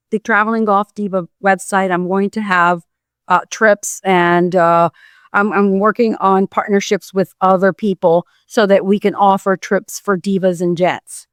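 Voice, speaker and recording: A middle-aged woman hosting a podcast, chatty and warm, often pausing on fillers. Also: medium pitch, clear, resonant tone, no echo, studio quality. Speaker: podcast host. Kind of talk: casual interview chat.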